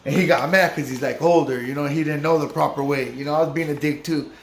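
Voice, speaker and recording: A man recounts his own story in loose, swearing street slang, his voice sitting a little high for a man. He sounds like he is in a roomy, echoey space, with a faint hiss of noise behind him. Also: fast talker. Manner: profane street slang, lively retelling. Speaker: vlogger recounting a recovery-home stay. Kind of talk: casual storytelling to camera.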